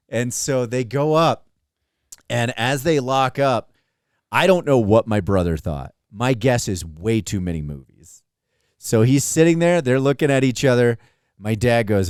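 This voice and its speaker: Male podcast co-host, swears freely, animated storyteller, dry room. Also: medium pitch, measured pace, clean tone, no echo. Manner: animated, profane, acts out quoted voices. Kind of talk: casual chat, storytelling.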